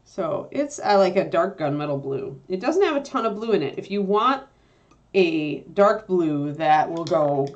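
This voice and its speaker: A woman with a low voice talks through a painting lesson as she works. She chats easily, often pausing on fillers to think while she mixes colors at her painting desk. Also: lively intonation, highs cut off. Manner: chatty, thinks aloud with fillers while working. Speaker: miniature painting instructor. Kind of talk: casual painting tutorial.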